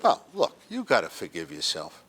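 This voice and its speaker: This presenter has a lowish, somewhat bright voice with huge pitch swings and a moderate pace. In a senior center room he delivers a joking motivational talk to a group, playing out little scenes and quotes.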